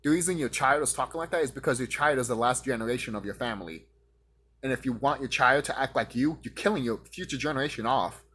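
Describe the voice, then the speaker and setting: A vlogger rants to camera, fast and with a fairly bright tone, aiming a profane, confrontational tirade straight at his audience. Now and then he mocks his critics in a higher voice.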